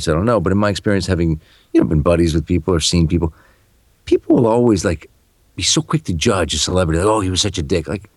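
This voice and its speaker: Fast, gravelly voice-over man. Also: deep voice, no room sound. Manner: rapid, animated storytelling with expletives. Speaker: voice-over announcer. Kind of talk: casual podcast chat.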